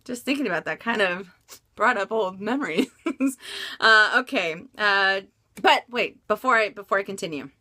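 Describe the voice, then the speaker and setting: A woman's voice: mid-range voice, expressive, normal speed, sharp tone. A woman vlogger answering viewer questions about luxury bags in frank, chatty talk with frequent laughs and fillers. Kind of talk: casual Q&A vlog chat.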